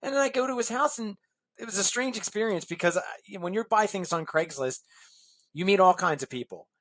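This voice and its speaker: A man casually telling a long anecdote as an interview guest, animated and chuckling as he acts out the voices of people in the story. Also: high voice, brisk, dry recording.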